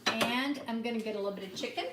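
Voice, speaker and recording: A middle-aged woman giving a chatty, upbeat cooking demonstration and product pitch, talking straight to her viewers from a home kitchen. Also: fast, roomy sound, recorded from a distance, heavy background noise. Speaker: cooking demonstrator and sales consultant.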